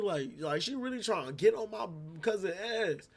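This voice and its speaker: A young man with a noticeably high voice tells a story to his stream. He talks in loose, slangy, rambling bursts and throws himself into replaying every exchange. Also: normal speed, gravelly. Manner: slangy, rambling, animated retelling. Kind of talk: casual storytelling. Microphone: streaming setup microphone.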